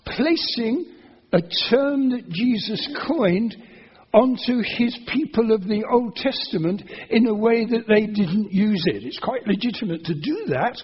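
A man with a high, husky voice preaches a sermon, explaining patiently and then pressing his point with repeated phrases. The recording sounds dull and lo-fi, as on an old sermon tape. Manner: earnest, explanatory, rising to emphatic repetition. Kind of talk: expository sermon.

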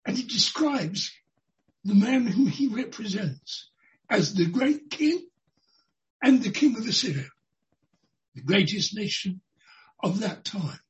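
A preacher giving an expository sermon in a deliberate way, repeating key phrases for emphasis. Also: medium pitch, sing-song, poor audio. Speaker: Bible teacher.

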